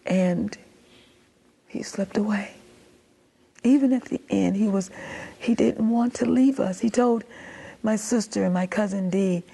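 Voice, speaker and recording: A middle-aged woman, an interview guest, gives a heartfelt personal testimony, telling her story and acting out what others said. Her mid-range voice is gravelly, dark, and husky, and her storytelling turns impassioned and pleading.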